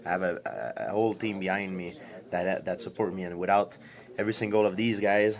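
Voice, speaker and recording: A young man answering interview questions in halting, repetitive English, laughing easily. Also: deep voice, little pitch movement. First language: French. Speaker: interviewed fighter. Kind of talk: casual interview.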